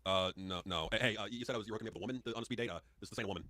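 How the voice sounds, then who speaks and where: A man's voice: fairly low pitch, racing, sharp tone, voice pushed down. A man voicing a blunt, rude man on a speed date who mumbles and stammers dismissively.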